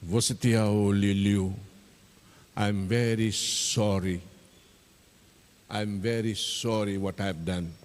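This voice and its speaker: A man's voice: extremely high pitch, expressive, moderate pace, pauses often, fairly bright tone, in a large hall, voice pushed up, exaggerated voice. A man voicing Tabale, a curious boy who pleads shakily for forgiveness. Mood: remorseful.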